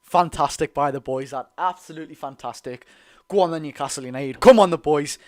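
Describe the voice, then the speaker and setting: Excitable young Geordie man calling football. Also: fairly high pitch, a little fast. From North East England. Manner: excitable, partisan play-by-play. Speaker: football fan streamer. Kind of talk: live football watch-along commentary.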